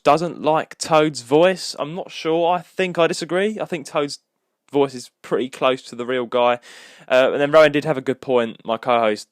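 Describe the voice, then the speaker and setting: A man's voice: mid-range voice, dry recording, clean studio sound. A young man, hosting a solo podcast episode in a rambling, casual chat with lots of restarts. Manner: rambling, with many restarts and fillers. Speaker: podcast co-host.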